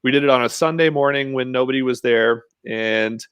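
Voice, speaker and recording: A man's voice: mid-range voice, a little fast, fairly bright tone, smooth, no room sound, clean studio sound. A man telling stories as a podcast guest in a laid-back, casual way, with frequent fillers. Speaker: podcast guest, mountain bike rider. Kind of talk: casual interview chat.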